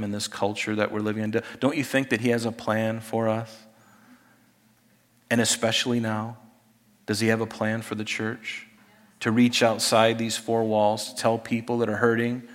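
A man preaching a sermon as pastor, conversational, dropping to hushed asides and rising to emphatic points. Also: medium pitch. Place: church sanctuary. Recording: long hall reverb.

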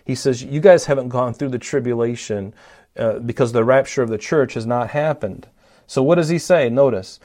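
A man's voice: mid-range voice, moderate pace, darkish tone. A man preaching a Bible-teaching sermon, emphatic, often saying "notice" and asking his listeners questions.

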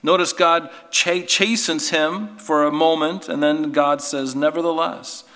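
A man delivers an earnest, emphatic sermon in a church, his voice fairly high and forcefully bright. Long reverb from the hall trails his words as he restarts phrases and presses rhetorical questions on the congregation. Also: steady tone, unhurried. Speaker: preacher.

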